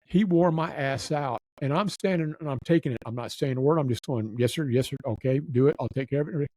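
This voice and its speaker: A man's voice: on the high side, a little fast, darkish tone, no echo, low-quality recording. A man telling a long story in casual chat, acting out the people he quotes. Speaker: nightclub manager telling stories.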